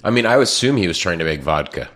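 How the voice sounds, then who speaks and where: Deep-voiced podcast co-host man. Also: fast talker. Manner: excitable, crude, reacting with exclamations. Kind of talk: casual comedic chat.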